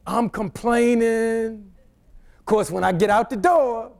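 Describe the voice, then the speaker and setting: A man's voice: very high voice, slow, gravelly, a little mellow. A middle-aged male pastor preaching by telling a humorous personal story in a conversational way, often stammering and restarting his words.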